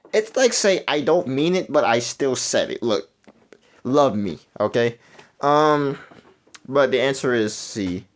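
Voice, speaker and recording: A young man gives loose, rambling commentary over a video game quiz. He trails off into low mumbles and then bursts out excited and louder, often correcting himself mid-sentence. His voice sits at an ordinary pitch for a man. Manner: rambling, self-correcting, swings between mumbling and excited outbursts. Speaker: gaming YouTuber. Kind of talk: casual commentary while playing a quiz game.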